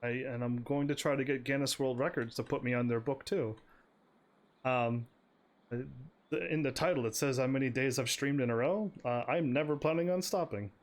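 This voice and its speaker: A man's voice: medium pitch, moderate pace. A man live streaming a game, chatting with his viewers in a casual, stammering way, laughing often. His voice sounds slightly strained. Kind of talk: casual gameplay commentary.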